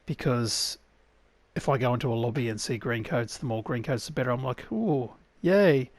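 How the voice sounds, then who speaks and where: A man's voice: medium pitch, fairly even intonation, fairly quick. Chatty Australian man narrating his gameplay. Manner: chatty, wry, talks to himself while playing. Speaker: gaming YouTuber. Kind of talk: casual gameplay commentary. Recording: clear background game noise.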